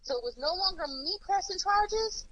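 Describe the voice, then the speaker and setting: A high-voiced woman hosts a casual chat, blunt and animated, often repeating herself and cursing. Her voice is bright, and it sounds dry and close to the mic. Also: moderate pace, dry recording, low-quality recording. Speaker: host.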